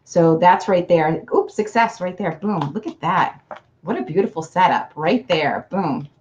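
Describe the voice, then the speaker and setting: Woman card reader on a livestream, low-pitched, chatty, calls everyone hun, dull lo-fi sound. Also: expressive, measured pace, a little mellow, slight background noise. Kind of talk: casual livestream card reading.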